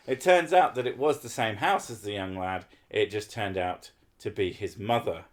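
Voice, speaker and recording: A man's voice: fairly low pitch, moderate pace. A man hosting a casual podcast chat, swearing a lot and ranting with sarcasm. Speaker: podcast host.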